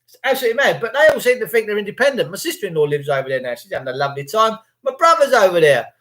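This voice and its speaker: Brief: English male streamer, jokey and crude, slightly higher voice. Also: sing-song, very fast, noisy background. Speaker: livestream host reading chat. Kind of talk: rambling casual monologue.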